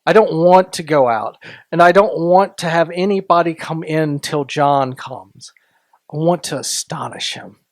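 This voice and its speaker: A man hosting a story podcast, reading a classic tale aloud in a deliberate, sometimes hushed way. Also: on the high side, dry recording. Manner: slow, deliberate, softening into hushed tones. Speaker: story reader and podcast host.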